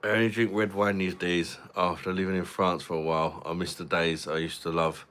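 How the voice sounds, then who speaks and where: A man's voice: low voice, level tone, fairly quick, hardly any pauses, fairly bright tone, smooth. A man hosting a casual livestream, reading out viewer comments and joking while reviewing a beer. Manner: laid-back, jokey, drinks and reviews beer. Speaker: livestream host. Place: home live stream.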